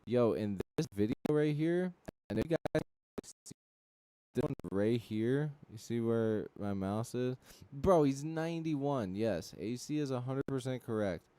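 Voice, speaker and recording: A young man hosting a livestream, telling rambling, profane stories full of fillers and reacting to chat with loud disbelief. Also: medium pitch, animated, measured pace, clean tone, no room sound. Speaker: livestream host. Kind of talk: casual chat.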